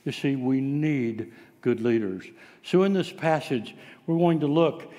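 A man's voice: medium pitch, expressive, measured pace, warm tone, in a large hall. A man preaching a sermon, telling stories in a folksy way with frequent filler sounds. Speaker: pastor.

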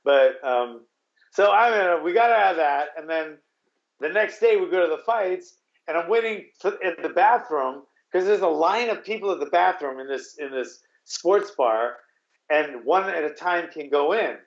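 A man tells a casual story, rambling and restarting, with blunt curse words here and there. His voice sits a little high for a man. The sound is roomy and a bit dull. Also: expressive, normal speed. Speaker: guest telling a story.

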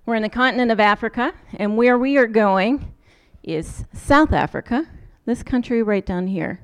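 A woman's voice: fairly high pitch, moderate pace, clear, resonant tone. An American woman, a social work professor, telling a travel story in a conversational lecture and acting out the people she quotes. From United States. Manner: conversational storyteller, quoting people in lively voices.

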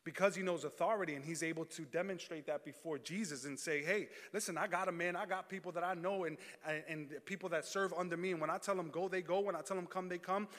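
A man's voice: high-pitched, steady tone, fast talker, few pauses, a bit bright. A man preaching a sermon, reading scripture aloud and then calling out to the congregation. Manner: reads scripture then preaches with call-and-response. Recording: long hall reverb.

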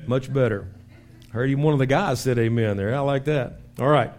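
A man preaching a sermon as pastor in a church, telling stories with lively acted-out shouts. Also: medium pitch, fairly quick. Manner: animated storytelling with acted-out shouts. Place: church sanctuary.

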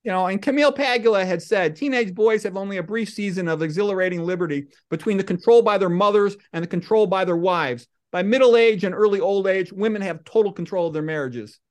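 Deadpan rambling male podcast host. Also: high-pitched, fast talker, hardly any pauses. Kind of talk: comic monologue and storytelling.

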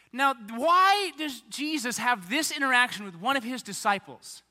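Animated preacher in an echoing hall. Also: male voice, extremely high pitch, normal speed, few pauses. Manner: animated, acts out quoted voices. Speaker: pastor. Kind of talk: sermon. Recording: long reverb of a large hall.

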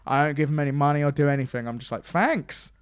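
Smooth-voiced chatty man. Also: fairly even intonation, very fast, no room sound, clean studio sound. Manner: chatty storyteller, acts out quotes in a higher voice. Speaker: podcast host and stage host. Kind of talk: casual chat.

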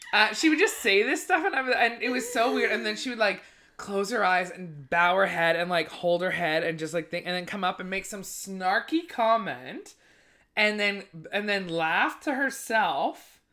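Bright, laughing woman comedian. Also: medium pitch, expressive, moderate pace. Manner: giggly, chatty, swears casually. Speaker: podcast co-host and comedian. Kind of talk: casual chat.

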